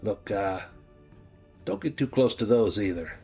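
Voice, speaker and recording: A man's voice: fairly low pitch, expressive, a little slow, creaky, dark tone, slightly rough, soft background music, exaggerated voice. A man voicing an easygoing male graveyard keeper who rambles in a folksy, rustic way. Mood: rambling.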